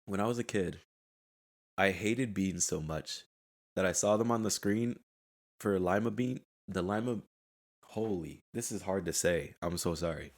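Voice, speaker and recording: Young man, low voice, rambling solo podcast chat, laid-back, laughs at himself. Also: a little slow. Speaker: podcast host. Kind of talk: casual solo podcast monologue. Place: at home.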